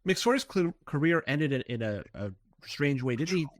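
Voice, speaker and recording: A man's voice: fairly high pitch, expressive, normal speed. A man hosting a podcast interview, chatting casually and laughing easily at his guest's stories. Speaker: podcast host.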